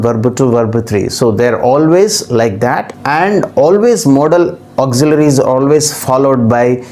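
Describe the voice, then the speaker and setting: A teacher walks through a grammar lesson at a steady, deliberate pace. Points come again and again, and examples are listed one after another. The voice sits at a middle pitch. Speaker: English teacher.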